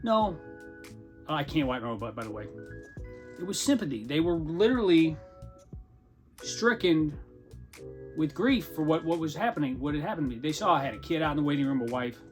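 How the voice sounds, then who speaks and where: A podcast host delivers a candid personal monologue, his fairly high voice sitting a little above the usual male range. Brisk and lively in intonation, with long pauses, he stays frank and conversational, poking fun at himself with wry, dry humor. Soft music plays quietly in the background.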